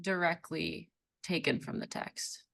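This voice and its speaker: Lowish-voiced halting woman co-host. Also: steady tone, creaky, fairly bright tone. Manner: halting, short lists with self-corrections. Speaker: podcast co-host. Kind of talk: casual film discussion.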